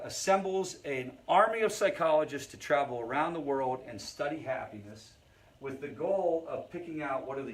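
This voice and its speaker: A man who leads a family recovery group, teaching in a conversational way and often checking in with the audience. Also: medium pitch. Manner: conversational, storytelling asides.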